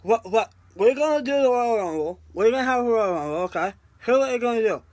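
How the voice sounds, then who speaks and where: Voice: medium pitch, lively intonation, fast, dry recording, lightly acted. A reviewer doing a scheming TV boss. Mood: mocking. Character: impression of a wrestling TV executive, scheming, troll-like.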